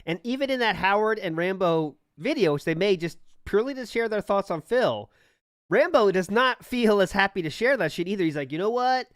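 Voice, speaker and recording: A man's voice: sits high, animated, a little fast, fairly bright tone, no echo, studio quality. A man co-hosting a podcast in casual chat, blunt and swearing often, sometimes acting out what other people said. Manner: blunt, swears often, acts out quoted lines. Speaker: podcast co-host.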